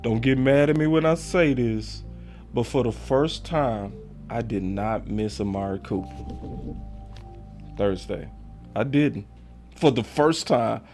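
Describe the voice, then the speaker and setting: A man hosting a sports talk livestream, swinging from loud theatrical hype to quiet muttered asides while reading chats. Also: mid-range voice, takes it slowly, pauses often, faint music behind. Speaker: sports show host.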